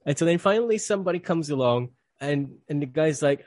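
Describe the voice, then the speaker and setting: A man who works as a mindfulness coach, speaking as a podcast guest and telling a story with animated delivery. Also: a little high, a little fast, few pauses, no echo. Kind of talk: casual interview conversation.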